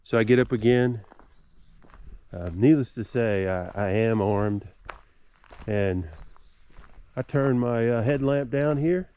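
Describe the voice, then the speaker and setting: A middle-aged man vlogging outdoors at a mountain campsite, telling a story in a relaxed, rambling way with lots of fillers and restarts. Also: medium pitch, slow pace, long pauses, clear, resonant tone. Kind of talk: casual storytelling to camera.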